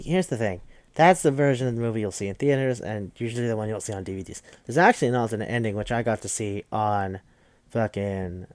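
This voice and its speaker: A man's voice: fairly low pitch, a little mellow, no room sound. A man hosting a podcast, retelling a movie plot in a rambling, profane casual way. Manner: rambling, profane, jumps into quoted voices. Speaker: podcast host.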